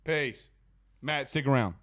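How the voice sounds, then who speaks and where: A man's voice: mid-range voice, a little slow, fairly bright tone. A man hosting a sports podcast, talking in brash, teasing casual chat and cutting in often. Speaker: podcast host.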